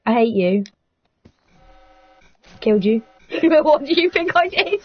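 High, lively young woman gaming. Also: slow, pauses often, muffled recording. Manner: playful, teasing, laughs often. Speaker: gaming vlogger. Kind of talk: casual gaming chat.

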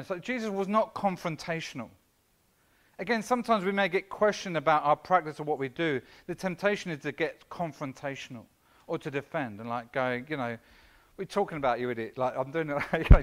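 Male pastor with a high voice, preaching informally and teasing his flock. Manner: chatty, self-deprecating, with frequent fillers and asides to the congregation. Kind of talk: conversational sermon. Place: church.

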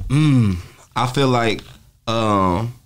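A young man with a Bay Area accent telling stories from his start in comedy in a relaxed, slangy interview chat. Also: mid-range voice, very slow, clear, resonant tone. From Bay Area, California. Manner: laid-back storytelling with slang. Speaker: comedian guest.

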